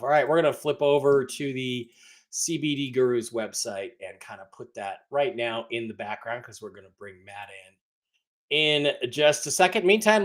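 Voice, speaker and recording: A man hosting a casual livestream, greeting viewers by name and rambling with many restarts and mock-hurt teasing. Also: mid-range voice. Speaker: livestream host.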